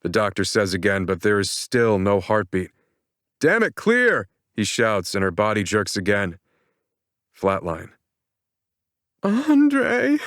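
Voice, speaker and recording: A man narrating a romance audiobook in the first person, steady and earnest, into a studio microphone. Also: deep voice, clear, resonant tone, no echo.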